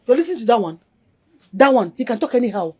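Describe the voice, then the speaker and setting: A blunt, scolding Nigerian mama. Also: female voice, fairly high pitch, big pitch swings, fast, a little hiss or hum. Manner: loud, teasing, scolding. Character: brash older mother figure, blunt and dismissive. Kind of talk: film drama dialogue.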